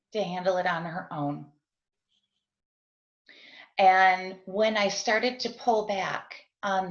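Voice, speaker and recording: Middle-aged woman guest, earnest confessional testimony, video call, echoey room, dull sound. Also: mid-range voice. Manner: earnest and confessional, often asks "right?". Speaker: guest sharing her story as a parent. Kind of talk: heartfelt personal testimony in an interview.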